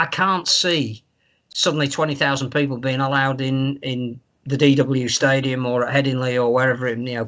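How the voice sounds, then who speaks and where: A man co-hosting a podcast in casual chat, measured and thoughtful. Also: medium pitch, fairly bright tone. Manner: measured, thoughtful, some hesitation. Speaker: podcast co-host. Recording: dull, lo-fi remote line.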